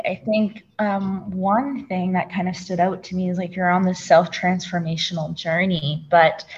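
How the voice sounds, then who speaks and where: A woman's voice: lowish voice, creaky, lo-fi sound. A woman co-hosting a podcast, asking hesitant questions full of fillers. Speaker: podcast co-host. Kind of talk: casual podcast conversation.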